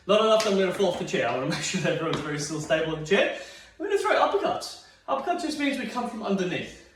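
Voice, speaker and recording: A man's voice: high-pitched, very animated, rapid-fire, a little hiss or hum. An Australian man leading a seated exercise class, upbeat and encouraging, counting reps aloud and getting out of breath. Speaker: fitness instructor. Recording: very echoey room, mic far off.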